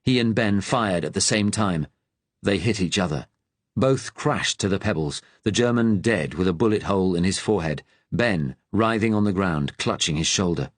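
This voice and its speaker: A man with a fairly low voice narrates a wartime thriller audiobook at a steady, measured pace. The reading is close-miked and dry. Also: dry recording.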